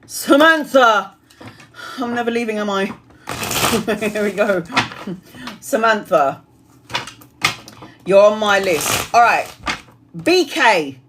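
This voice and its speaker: A woman in her forties doing a live-stream tarot reading, chatty and blunt, swearing casually and rattling off card meanings in quick lists. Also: mid-range voice, lively intonation, noisy background. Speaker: tarot reader.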